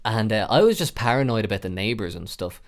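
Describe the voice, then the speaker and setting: Low-voiced young man telling a story. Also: fast talker. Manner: rambling, swears a lot, many "like" fillers; gets animated and loud at tense moments. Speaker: podcast host. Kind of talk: casual storytelling.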